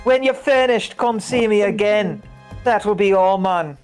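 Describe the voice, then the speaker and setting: A man voicing a bossy male agent from a video game in a put-on Jamaican accent, reading the lines slowly and with deliberate care. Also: sits high, a little mellow, soft background music.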